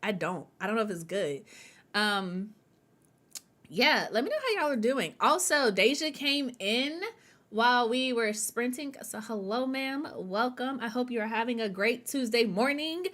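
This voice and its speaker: A woman's voice: fairly high pitch, expressive, unhurried, fairly bright tone. A woman hosting a writing sprint livestream, wired on caffeine, chatty and hyper, laughing often and talking to her viewers as y'all. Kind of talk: casual livestream chat.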